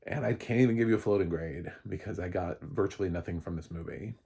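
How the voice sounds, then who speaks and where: A man's voice: deep voice, fast, creaky, warm tone, breathy edge. A man, a film critic, giving a casual spoken review, rambling with many fillers and restarts, and swearing now and then.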